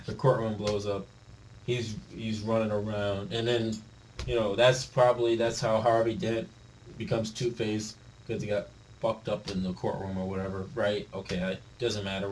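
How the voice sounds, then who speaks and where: A man's voice: lowish voice, steady tone, normal speed, darkish tone, far from the mic, a little hiss or hum, low-quality recording. A man giving a casual, exasperated film review late at night at home, laughing often. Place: home room.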